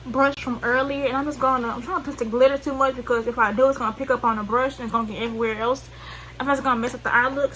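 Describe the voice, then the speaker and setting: A woman's voice: a little high, sharp tone, a little hiss or hum, low-quality recording. A woman with a Southern US accent talking through a makeup tutorial in a chatty, rambling way, full of slang and self-corrections. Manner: chatty, rambling, slangy, loses track mid-sentence. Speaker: beauty vlogger.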